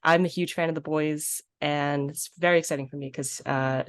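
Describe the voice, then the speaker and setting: A woman's voice: deep voice, steady tone, moderate pace, clear, resonant tone, dry recording, clean studio sound. A woman interviewer asking questions in a friendly, chatty way, with fillers and little laughs. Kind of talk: casual interview over video call.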